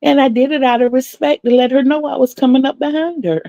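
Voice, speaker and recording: A middle-aged woman, telling animated stories on her crochet livestream, laughing often and acting out the voices of the people she quotes. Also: high voice, fairly quick, gravelly, no room sound, lo-fi sound. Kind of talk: casual storytelling chat.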